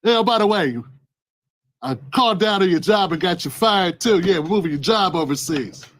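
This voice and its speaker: A man's voice: sits high, animated, normal speed, a bit bright. A man acting out a condescending male home invader who pretends to be a helper, in a mock-soothing tone. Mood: smug. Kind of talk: acted-out skit in a commentary vlog.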